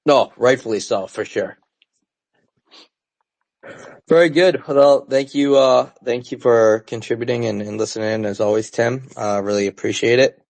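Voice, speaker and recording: A man's voice: mid-range voice, moderate pace, gravelly, hardly any pauses, darkish tone, poor audio. A man hosting a casual fan podcast, bantering with callers in a laid-back, joking way. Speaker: podcast host.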